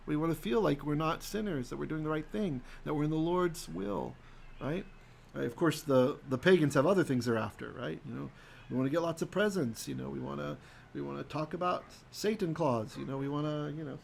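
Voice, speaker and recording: A man with a somewhat high, gravelly voice gives a live-streamed Hebrew Bible lesson. He talks in a conversational way, keeps checking in with his listeners, and slows down to sound out Hebrew verses. A faint hiss runs underneath. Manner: conversational, checks in with "right?", reads Hebrew slowly aloud. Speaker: Bible teacher.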